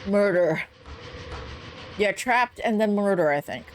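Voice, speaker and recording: A woman's voice: medium pitch, animated, slow, slight background noise. A woman giving casual, offhand, joking commentary while playing a game. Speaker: game streamer. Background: game music.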